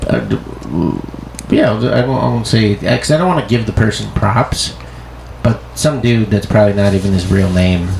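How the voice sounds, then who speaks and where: A low-pitched man with a gravelly, fry-heavy voice rambles through casual podcast talk. He swears freely and restarts his sentences often, with a faint hiss under the recording. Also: expressive, normal speed, darkish tone. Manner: rambling, profane, full of restarts. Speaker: podcast co-host and comedian.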